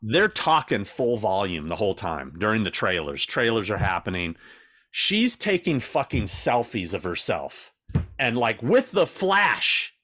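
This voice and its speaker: An animated man co-hosting a podcast, with a voice that swoops up and down as he tells stories. He swears freely and acts out the people he quotes. The sound is close and dry, with no room around it. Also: on the low side, measured pace, dry recording. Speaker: podcast co-host. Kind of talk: casual chat.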